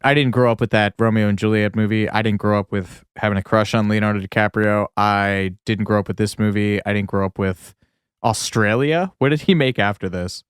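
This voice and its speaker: A man's voice: fairly low pitch, steady tone, brisk, smooth, dry recording, studio quality. A man co-hosting a podcast, joking and bluntly giving his opinions in casual chat. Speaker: podcast co-host.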